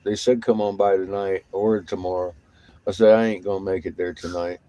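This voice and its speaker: Weary, grumbling deep-voiced man. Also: level tone, brisk, dark tone, low-quality recording. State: tired. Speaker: vlogger on the road. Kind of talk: casual vlog monologue. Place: inside a vehicle while driving.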